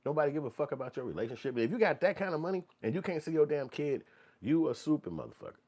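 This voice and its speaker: A man's voice: on the high side, very fast. A man hosting a commentary show, ranting bluntly and profanely and mocking people in put-on voices. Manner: blunt, animated, swings into mocking quoted voices.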